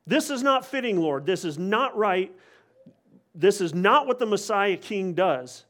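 A man's voice: high voice, animated, unhurried, fairly bright tone, pitched above the performer's own voice. A man voicing an impetuous male disciple who protests emphatically and with indignation. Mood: emphatic protest.

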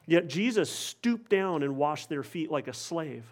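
A man's voice: a little high, animated, a little slow. A man preaching a sermon, explaining a passage in an earnest, expository way, with occasional wry asides.

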